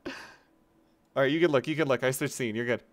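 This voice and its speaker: A woman's voice: rumbling low, quick pace. A woman streamer in casual livestream chat, laughing a lot as she feeds a friend prank lines to repeat.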